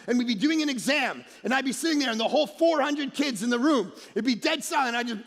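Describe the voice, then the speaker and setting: A man preaching a lively, joking sermon, telling stories and shouting punchlines. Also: very high voice, fast talker, creaky. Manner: animated storytelling, shouts punchlines, mocks accents softly. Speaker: pastor. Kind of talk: energetic comedic sermon. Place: large church auditorium. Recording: long hall reverb.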